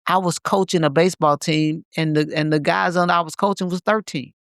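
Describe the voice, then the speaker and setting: A man's voice: a little high, steady tone, brisk, a bit bright, no room sound, clean studio sound. A man co-hosting a podcast in a reflective, casual conversation, speaking emphatically and repeating phrases to drive his points home. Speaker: podcast co-host.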